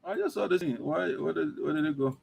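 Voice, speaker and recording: A man's voice: on the high side, fairly quick, gravelly, a little mellow, slight background noise. A man hosting an online talk show, lecturing emphatically in livestream commentary. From Liberia.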